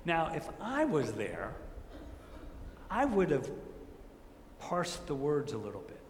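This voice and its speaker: A man preaching a sermon, telling stories with lively rhetorical questions and acting out the quotes. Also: fairly high pitch, slow pace, slight background noise. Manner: animated storytelling, rhetorical questions, acts out quotes. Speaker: pastor. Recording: echoey hall with faint ambience.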